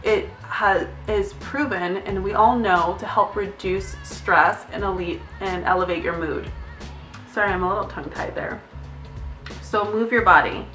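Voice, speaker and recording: A woman's voice: medium pitch, a little slow, sharp tone, reverberant, far from the mic, soft background music. A young adult woman, a nurse, giving candid, chatty advice in a casual vlog, now and then glancing at notes and swearing lightly. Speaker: nurse vlogger.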